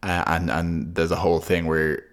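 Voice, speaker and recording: A man with a very deep voice co-hosts a podcast in a casual but analytical way. He talks at length and loops back over his own half-finished phrases as he thinks aloud. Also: level tone, moderate pace. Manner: talkative, thoughtful, many restarts. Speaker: podcast co-host.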